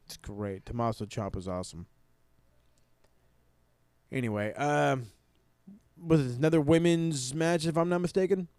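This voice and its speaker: A man's voice: fairly high pitch, moderate pace, pauses often, a little mellow, smooth, no room sound. A man co-hosting a casual wrestling podcast, laid-back and swearing, acting out wrestlers' lines for laughs. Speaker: podcast co-host.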